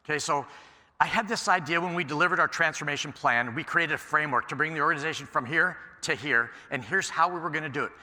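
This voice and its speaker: A man giving a conference keynote, telling stories in an animated way and acting out the dialogue. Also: on the high side, fast talker. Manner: animated storyteller, acts out quoted exchanges. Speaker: keynote speaker. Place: large conference hall. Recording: echoey hall sound.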